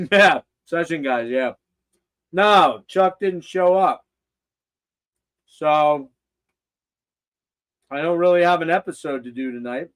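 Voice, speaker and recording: A man's voice: on the high side, slow, long pauses, fairly bright tone. An older man hosting a casual livestream, rambling and swearing with loose laughter. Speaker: host.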